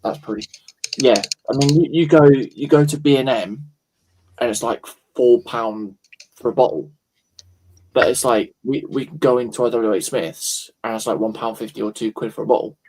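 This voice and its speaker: A man's voice: medium pitch, normal speed, warm tone, poor audio. A man from England chatting casually, rambling and searching for words. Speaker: co-host. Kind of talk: casual chat.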